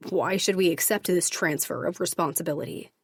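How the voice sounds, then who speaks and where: Cold commanding mafia don read by a woman narrator, low and breathy, dry booth. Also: a little fast, no echo. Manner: clipped, controlled, authoritative.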